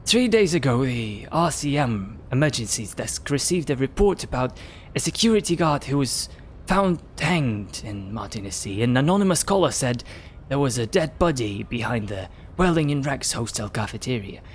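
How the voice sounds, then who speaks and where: A man reading aloud as a calm, reserved male police lieutenant, giving a case briefing in a measured, dry way. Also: medium pitch, slight background noise, lightly acted. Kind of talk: reading game dialogue aloud.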